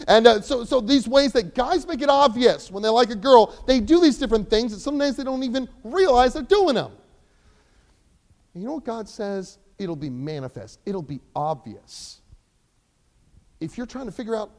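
A young man preaching a sermon, animated, swinging between loud emphasis and quiet asides. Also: extremely high pitch, moderate pace. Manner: acts out voices of characters in the sermon.

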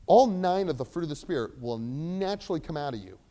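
A young man preaching a sermon, animated, swinging between loud emphasis and quiet asides. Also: a little high, a little fast. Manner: acts out voices of characters in the sermon.

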